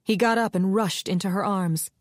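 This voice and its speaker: A woman narrating an audiobook in a measured, even reading. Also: mid-range voice, no room sound, studio quality. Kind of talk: scripted narration.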